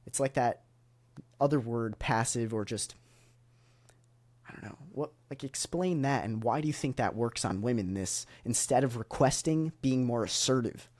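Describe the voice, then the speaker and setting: A man's voice: mid-range voice, a little mellow. Casual man hosting a podcast. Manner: casual, halting, searching for words. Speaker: podcast host. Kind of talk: podcast interview.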